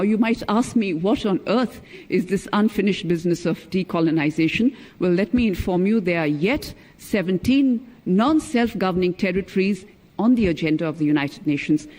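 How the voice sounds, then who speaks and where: A middle-aged man, a former ambassador giving a formal keynote speech in an emphatic, measured way that leans on key words. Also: high-pitched, a little mellow. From India. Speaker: former ambassador, conference speaker.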